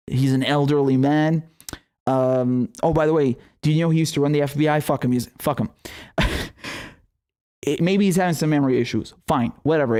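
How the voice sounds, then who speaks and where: A young man giving a heated solo political commentary, swearing often and ranting sarcastically. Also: on the high side. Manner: profane, animated, sarcastic rants.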